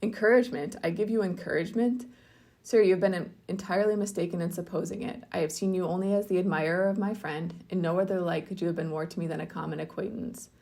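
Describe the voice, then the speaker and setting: A woman reading the part of a proud, indignant young lady from a classic novel, in a crisp, formal manner. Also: fairly low pitch, fairly even intonation, quick pace, few pauses, warm tone.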